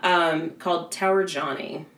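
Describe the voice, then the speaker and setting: Southern lady podcast cohost, lowish voice, lots of likes and ums, echoey room. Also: fairly even intonation, a little slow, a bit bright. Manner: chatty, laughs often, many fillers. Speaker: podcast co-host. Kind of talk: casual chat.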